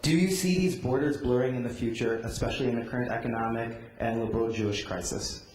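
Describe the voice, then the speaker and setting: A man's voice: medium pitch, fast talker, darkish tone, slight background noise. A young man, a student, asking the panel a polite, slightly hesitant question. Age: young adult. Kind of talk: audience question at a conference. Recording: echoey conference hall.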